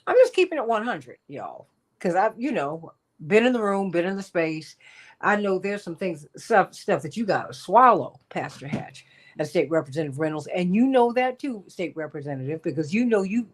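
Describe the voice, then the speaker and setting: A woman hosting a talk show, telling stories in a lively, chatty way with frequent laughs. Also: fairly low pitch. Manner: animated storytelling, laughs often, addresses guests by title. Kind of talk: casual radio talk.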